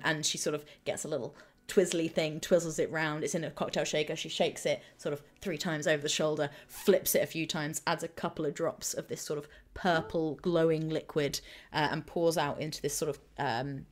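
A woman's voice: sits low, fairly even intonation, moderate pace. A woman acting as game master, narrating a tabletop game in a loose, chatty way with many fillers.

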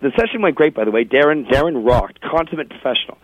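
A chatty male radio host spins a funny story, laughing and tripping over his own words. His voice sits at a middling pitch. It comes through a thin, phone-like radio signal. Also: expressive, quick pace. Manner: chatty, laughing, self-interrupting. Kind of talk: casual radio chat, storytelling. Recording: tinny phone-like radio audio.

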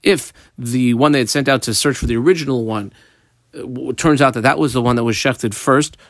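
A man's voice: medium pitch, brisk, no room sound, studio quality. A man teaching a page of Talmud in a conversational way, mixing in Hebrew and Aramaic terms and asking and answering his own questions. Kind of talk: daf lesson explaining the text.

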